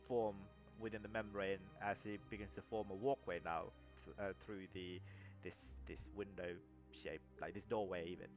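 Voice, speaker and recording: A young man narrating a tabletop game as game master, halting with many fillers and restarts. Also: deep voice, fairly even intonation, faint music behind.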